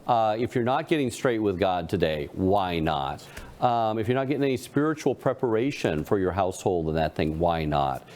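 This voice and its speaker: A man's voice: low voice, lively intonation, moderate pace, darkish tone. A man co-hosting a panel talk, telling a folksy joke and acting out its characters. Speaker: co-host. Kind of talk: casual panel talk with storytelling.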